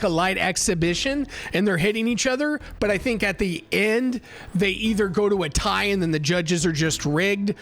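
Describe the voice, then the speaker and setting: A man with a fairly high voice chats on a livestream, spinning a rambling travel story full of swearing and restarts. Faint music plays behind him as he talks into a desk mic. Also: fairly bright tone. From United States. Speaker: livestream host. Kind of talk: casual chat.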